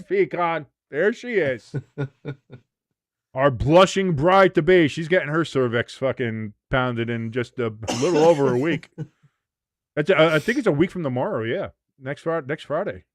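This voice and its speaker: A man in his forties chats through a game at a live watch-along, crude and rambling, and laughs at his own jokes. His voice sits a bit high for a man and sounds close and dry with no room echo. He talks like it's a loose hangout. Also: lively intonation, measured pace, pauses often. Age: 40s. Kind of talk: casual live sports watch-along chat.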